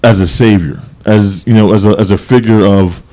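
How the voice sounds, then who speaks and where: A man co-hosting a podcast, talking casually in a rambling, animated way with many restarts and fillers. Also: fairly low pitch, moderate pace. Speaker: podcast co-host. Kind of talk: casual chat.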